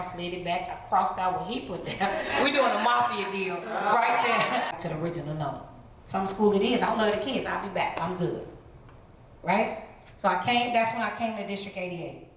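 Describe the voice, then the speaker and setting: A middle-aged woman from the Chicago area giving an animated testimony as a guest speaker in a church, jumping into high voices to act out what people said. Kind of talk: testimony sermon. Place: large church hall. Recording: very echoey church hall, some noise.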